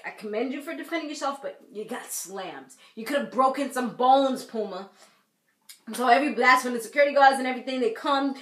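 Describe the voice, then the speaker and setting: A woman's voice: on the high side, a bit bright. A woman giving a casual, chatty spoken recap of a reality show, full of slangy asides and frequent laughter. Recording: echoey room.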